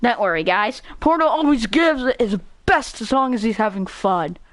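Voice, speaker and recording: Woman reading bubbly clumsy schoolgirl friend, game dialogue, chatty, upbeat, higher voice. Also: animated, normal speed, a little hiss or hum, close to an everyday voice.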